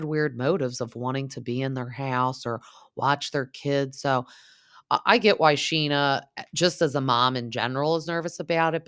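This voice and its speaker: A woman's voice: very deep voice, a bit bright, dry recording, studio quality. A woman hosting a reality TV recap, talking in a chatty, casual way with lots of fillers and acted-out quotes.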